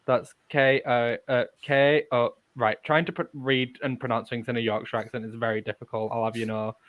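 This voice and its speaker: A man co-hosting a podcast in casual chat, chatty and playful, quick to correct the others. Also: medium pitch, level tone, phone-quality sound. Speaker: podcast co-host.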